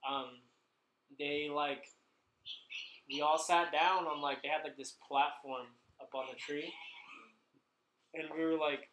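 Man, casual storytelling, rambling, constant "like", cursing, bright forceful tone, echoey room. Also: fairly high pitch, steady tone, slow, pauses often, lo-fi sound, a little hiss or hum. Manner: rambling, fills nearly every phrase with "like", swears freely.

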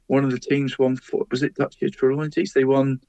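A man's voice: mid-range voice, completely flat delivery, fairly quick, dark tone, no room sound. Chatty man reading football results. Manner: chatty, calls his co-host "mate" constantly. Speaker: co-host of a local football podcast. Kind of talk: casual results round-up. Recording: dry, dull lo-fi sound.

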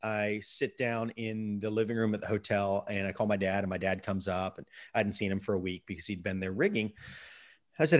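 A middle-aged man with a fairly low voice tells a personal story in relaxed interview talk. He gets animated as the story builds and stumbles over repeated words when excited. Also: brisk. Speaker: guest. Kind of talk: casual storytelling.

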